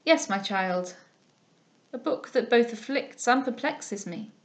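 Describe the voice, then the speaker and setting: A woman reading aloud, voicing an elderly male guardian who speaks softly, mildly and solemnly. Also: on the high side, animated, takes it slowly. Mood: grave. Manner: soft, mild, solemn speech.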